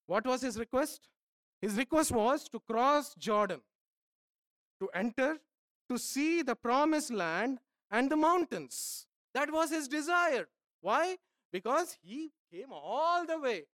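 A man preaching a sermon as pastor, emphatic, repeating phrases and swinging from soft asides to loud pleading. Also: very high voice, animated, a little slow, clear, resonant tone, no echo, studio quality.

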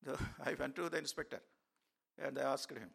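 Male pastor, sermon delivery, gravelly and bright, halting storyteller with frequent "uh"s. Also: mid-range voice. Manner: storytelling with many fillers and restarts.

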